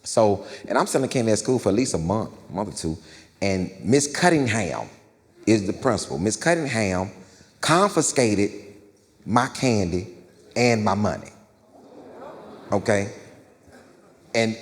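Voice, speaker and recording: A man's voice: on the low side, animated, unhurried, long pauses, long reverb tail. A male stand-up comedian telling a story on stage, loose and slangy, checking in with the crowd.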